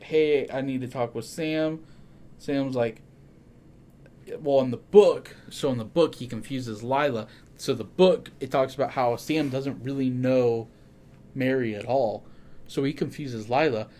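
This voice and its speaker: Excitable, swearing podcast host, man. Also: medium pitch. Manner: excitable, swears freely, corrects himself often. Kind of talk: casual podcast chat.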